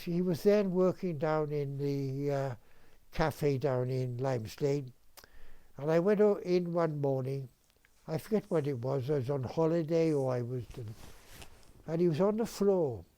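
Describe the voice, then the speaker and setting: A man in his nineties tells old stories in a rambling, halting way, often restarting and clearing his throat. His voice is mellow and warm, sitting slightly high for a man. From Wales. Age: 90s. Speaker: interviewee, retired dentist. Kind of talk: reminiscing storytelling.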